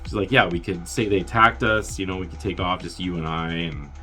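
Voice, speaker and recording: A man's voice: deep voice, fairly quick, sharp tone, faint music behind. A man hosting a movie review show, casually recapping a film in a rambling, wry, filler-heavy way. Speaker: movie review podcast host.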